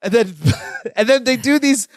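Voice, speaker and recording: A man's voice: very high-pitched, normal speed, dry recording. A man co-hosting a podcast, casually recapping a sitcom episode with frequent laughs and acted-out lines. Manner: animated, laughs often, acts out characters' lines. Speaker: podcast co-host.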